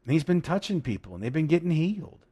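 A man's voice: on the high side, sing-song, quick pace, mellow, husky. A man preaching a sermon, reading scripture and explaining it emphatically, with jokes and asides.

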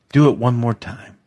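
A man's voice: medium pitch, a bit bright. A man preaching a devotional teaching, exuberant and emotional, leading listeners to repeat phrases after him. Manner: exuberant, emotional, leads call-and-response repetition. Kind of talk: devotional teaching, podcast-style.

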